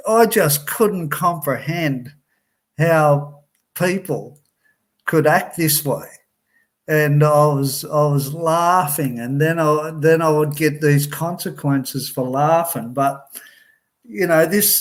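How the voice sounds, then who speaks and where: A man telling his own life story in a halting way, full of restarts and repeated words, laughing wryly at his memories. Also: a little high. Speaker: person recounting his time in a residential program. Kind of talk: personal storytelling.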